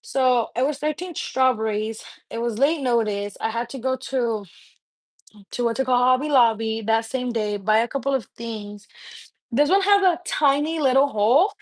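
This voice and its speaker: A woman's voice: a little high, normal speed, no echo, low-quality recording. A young woman and mother chatting casually with viewers on a home livestream, rambling and filling her talk with "like". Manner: rambling and chatty, heavy use of "like". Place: at home indoors.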